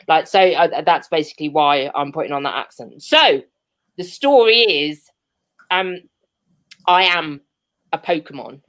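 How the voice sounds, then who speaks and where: A young Birmingham woman tells a rambling comic story from home over a video call, fillers and self-mocking laughs all through. Her voice sits on the low side for a woman. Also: unhurried, long pauses, a bit bright. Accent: Birmingham English. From Birmingham, England. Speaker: stand-up comedian. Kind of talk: online stand-up set. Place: seated at home.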